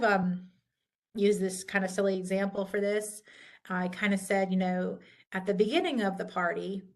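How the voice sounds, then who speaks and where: A woman instructor giving a recorded lecture, patiently walking through pronunciation rules. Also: medium pitch. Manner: patient, slow and deliberate, contrasting correct and wrong pronunciations.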